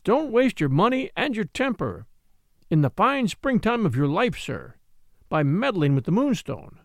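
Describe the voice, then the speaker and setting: A man's voice: sits high, sing-song, measured pace, vocal fry, dry recording, studio quality, heavily acted. A man reading an audiobook, voicing an elderly male servant who is stern, proud and stubborn. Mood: insistent. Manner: stern, insistent pleading.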